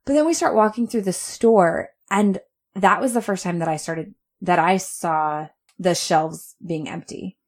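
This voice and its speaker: A woman in her thirties co-hosts a podcast in casual chat, telling a story full of laughter and quoted asides. Her voice is fairly low and unhurried.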